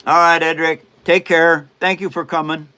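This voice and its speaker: Bright-voiced man in his seventies. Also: on the high side, little pitch movement, normal speed, smooth. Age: 70s. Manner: joking, rambling, laughs often. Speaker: livestream host. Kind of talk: casual livestream chat.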